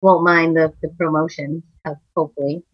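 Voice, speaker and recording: A woman's voice: sits low, level tone, fairly quick, no echo, highs cut off. A woman from Massachusetts co-hosting a podcast in casual chat, chatty and laughing often. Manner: chatty, laughs often, slips into playful put-on accents. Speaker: podcast co-host.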